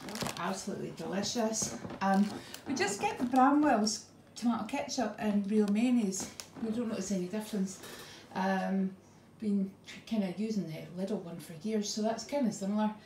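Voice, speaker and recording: A woman's voice: mid-range voice, expressive, moderate pace, few pauses, darkish tone. Chatty woman in an echoey room. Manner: chatty, homely, frequent ums. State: a bit out of breath. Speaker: vlogger. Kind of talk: casual grocery haul chat. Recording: echoey room, faint noise.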